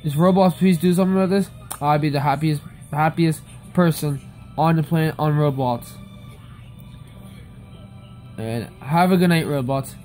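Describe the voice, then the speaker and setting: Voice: mid-range voice, a little fast, a little mellow. A young speaker with a mid-range voice, ranting and begging in turns. Swear words get swapped for a spoken "beep". Faint music plays underneath. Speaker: upset player. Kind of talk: angry rant to camera.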